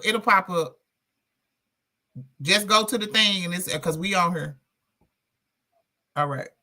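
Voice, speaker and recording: This is a woman hosting a casual livestream who talks to her viewers like friends. Her delivery is blunt and loose, with plenty of swearing. The voice is gravelly, with a bright, forceful tone. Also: deep voice. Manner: blunt and profane, talks straight to chat. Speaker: livestream host.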